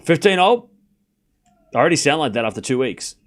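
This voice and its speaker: A young man hosting a live tennis watchalong stream, chatting casually and excitedly repeating the score as points are played. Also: on the high side, fairly quick, long pauses. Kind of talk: live casual play-by-play commentary.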